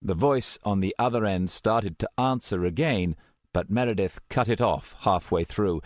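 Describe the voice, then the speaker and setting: A man narrating a first-person audiobook in a measured, steady storytelling manner, close to the mic. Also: lowish voice, no room sound.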